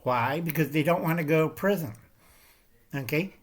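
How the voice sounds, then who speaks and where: At a moderate pace and with a voice on the high side, this man hosts his own channel. His rambling political commentary is delivered with emphasis, and he regularly asks "Okay?" and "All right?"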